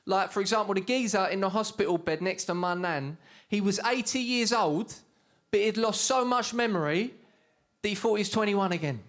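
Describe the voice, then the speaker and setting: This young adult man from England has a high-pitched voice and speaks at a normal speed. With an Essex accent, he does a stand-up set on a comedy studio stage for a live audience, delivering cheeky tales with punchlines and shouted put-on voices.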